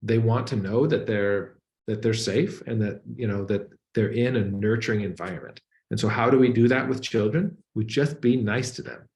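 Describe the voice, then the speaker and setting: A man's voice: on the low side, normal speed, hardly any pauses, darkish tone. A man, a guest expert, earnestly explaining research in a conversational way over a video call. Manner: earnest, conversational, uses many "like" and "and so" links. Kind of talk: explanatory talk to an audience over slides. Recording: echoey room.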